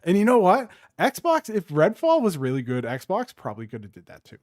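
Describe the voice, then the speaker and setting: Animated man, dry close sound. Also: high voice, no echo. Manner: animated, quick to act out mocking voices. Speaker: podcast co-host. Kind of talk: casual chat.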